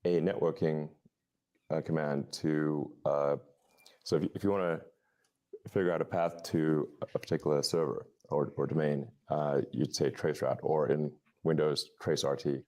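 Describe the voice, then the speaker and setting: A man answering interview questions in a halting way, stammering and restarting often. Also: rumbling low, steady tone, dark tone. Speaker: interview guest.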